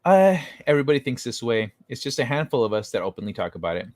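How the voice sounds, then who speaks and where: A man hosts a relaxed late-night livestream, talking loosely with his chat. He rambles, swears freely and restarts his sentences often. His voice sits mid-range and sounds dry and close to the mic. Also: mid-range voice, fast, no echo. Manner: rambling and profane, with many restarts. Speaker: livestream host reading chat.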